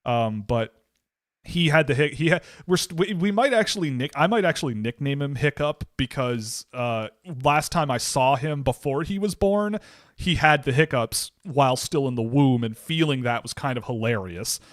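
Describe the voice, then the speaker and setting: A man's voice: medium pitch, lively intonation, normal speed, no room sound, clean studio sound. A young man co-hosting a casual hockey chat show, rambling through anecdotes and often cutting himself off mid-sentence. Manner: rambling, storytelling, self-interrupting. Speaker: podcast co-host.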